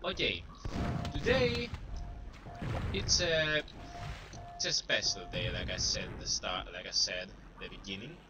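A man's voice: lowish voice, lively intonation, measured pace, long pauses, music in the background. Rambling young man narrating his gameplay. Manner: rambling, self-deprecating, taunts enemies. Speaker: gameplay commentator. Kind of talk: casual gameplay commentary. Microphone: cheap desktop microphone. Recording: distant mic with clear background noise.

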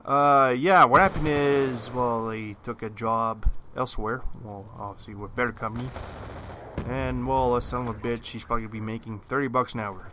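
A man's voice: mid-range voice, fairly even intonation, moderate pace. A man from Canada giving casual, rambling gameplay commentary, swearing often and filling his talk with "uh" and "like". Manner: swears often, many fillers, loose storytelling. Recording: game gunfire noise behind voice.

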